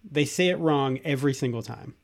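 A man's voice: medium pitch, a little fast, gravelly. A man co-hosting a podcast, teasing and joking in casual chat. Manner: teasing, joking, laughs often. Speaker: podcast co-host.

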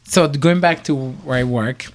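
A man with an Italian accent, co-hosting a casual podcast chat and telling animated stories with lots of laughter. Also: medium pitch, unhurried. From Italy. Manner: animated storyteller, acts out callers' voices, laughs often. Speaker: podcast co-host.

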